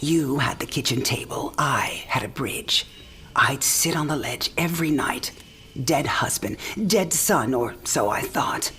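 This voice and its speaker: An actress playing an elderly mother on her last night alive, wry, teasing and frank, often speaking softly in a game cinematic. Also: extremely low pitch, lively intonation, unhurried, heavily acted. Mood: tender. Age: older. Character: dying elderly mother, warm, sharp-witted, frank. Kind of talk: video game cinematic drama.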